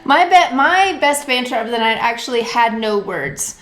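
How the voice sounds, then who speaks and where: A woman's voice: on the high side, animated, moderate pace, fairly bright tone, reverberant. A woman co-hosting a casual music review chat, talking in a chatty, hesitant way with many fillers. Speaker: podcast co-host.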